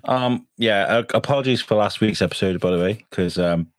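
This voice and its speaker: A man's voice: fairly low pitch, fairly quick, a little hiss or hum. A man hosting a podcast in chatty, rambling, easygoing talk. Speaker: podcast host. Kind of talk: casual chat. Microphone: home podcast setup.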